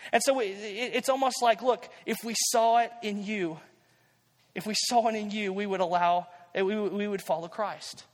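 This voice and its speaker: A man's voice: high-pitched, fairly bright tone, big-room sound. A man preaching a sermon as pastor, conversational and repeating key phrases for emphasis.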